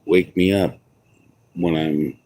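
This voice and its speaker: A man's voice: deep voice, fairly even intonation, slow pace, mellow. A tipsy man rambling and swearing through a casual livestream outdoors at home, chuckling to himself. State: intoxicated.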